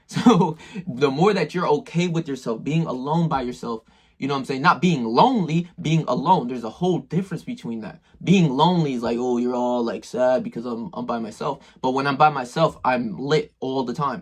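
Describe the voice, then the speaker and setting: A man's voice: mid-range voice, brisk, slightly rough. A man talking straight to the viewer in a casual motivational monologue, full of slang and swearing. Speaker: self-improvement video maker.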